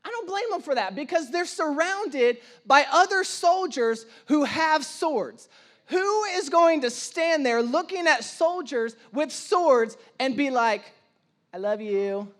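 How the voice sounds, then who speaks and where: High-voiced young male pastor preaching. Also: slow pace. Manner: animated, acts out quoted voices, self-deprecating humor. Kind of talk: sermon with storytelling. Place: church.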